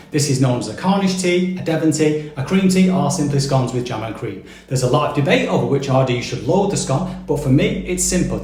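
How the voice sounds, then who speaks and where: A young man with a Manchester accent chatting through a jokey, animated explainer vlog. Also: medium pitch. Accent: Manchester English. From England. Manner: chatty, jokey, animated list-style delivery. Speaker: vlogger. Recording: echoey room.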